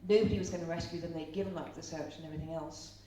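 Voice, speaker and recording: A middle-aged woman from Ireland speaks in a slightly low voice at a live seminar, telling stories and asking the audience questions. She sounds distant from the mic in a very echoey room, with a faint hum underneath. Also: fairly even intonation, very fast, warm tone. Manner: chatty storyteller, asks the audience questions.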